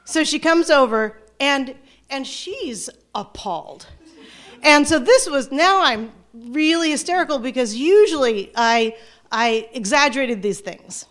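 A middle-aged woman telling a personal story to an audience, animated and self-mocking, often restarting her sentences. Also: high voice, unhurried. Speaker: storyteller, former teacher.

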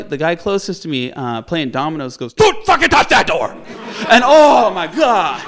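A man with a fairly high voice tells a comic story from his own life. He is animated and laughs as he goes, jumping into the voices of the people he met. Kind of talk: personal story told to an audience.

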